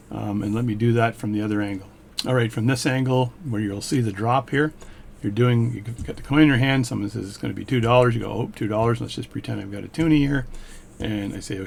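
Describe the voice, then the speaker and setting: A man's voice: fairly low pitch, gravelly, a little mellow, slight background noise. A man, an amateur magician, casually teaching a coin trick step by step as he demonstrates. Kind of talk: casual hands-on tutorial.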